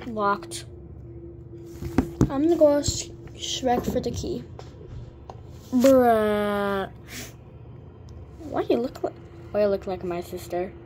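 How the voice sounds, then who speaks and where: A woman's voice: medium pitch, takes it slowly, long pauses, darkish tone, slight background noise. A girl giving chatty gameplay commentary, full of fillers and sudden exclamations. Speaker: gamer.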